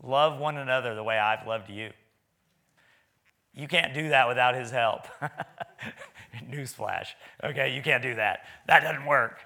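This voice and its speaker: A man's voice: medium pitch, unhurried, vocal fry, long pauses, pushed and bright. A man preaching a sermon in a church, talking in a folksy, conversational way with stammering restarts.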